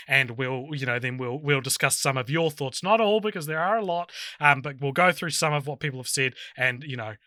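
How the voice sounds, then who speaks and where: A man co-hosting a podcast in casual chat, quick to correct details and introducing segments. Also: a little high, bright, forceful tone, no echo, clean studio sound. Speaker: podcast co-host.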